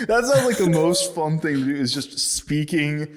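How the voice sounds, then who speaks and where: A man's voice: a little high, animated, moderate pace. Laughing, swearing male podcast co-host. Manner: laughing, profane, riffing on jokes. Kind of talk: casual chat.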